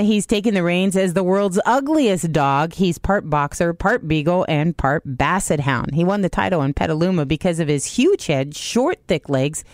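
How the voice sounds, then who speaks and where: A woman's voice: fairly low pitch, darkish tone, dry recording, studio quality. A woman presenting a short animal news update on radio, scripted with light, chatty asides.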